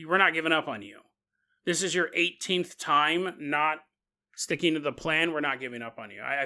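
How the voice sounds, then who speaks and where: A man hosting a podcast, talking through a conspiracy theory in an animated, jokey way and acting out quoted voices. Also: fairly high pitch. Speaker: podcast host. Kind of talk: comedic conspiracy podcast monologue.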